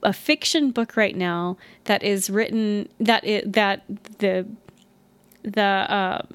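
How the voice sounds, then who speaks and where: A young adult woman co-hosting a podcast, telling stories in an excitable, rambling way. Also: mid-range voice, slow, smooth, no room sound. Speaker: podcast co-host. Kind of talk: casual chat.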